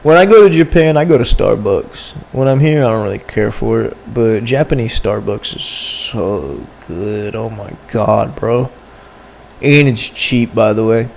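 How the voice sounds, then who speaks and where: A man's voice: lowish voice, unhurried, creaky, darkish tone, a little hiss or hum. A young man livestreaming, chatting casually and rambling in slang to his viewers. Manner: rambling, slangy, talks to chat. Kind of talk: casual stream chat.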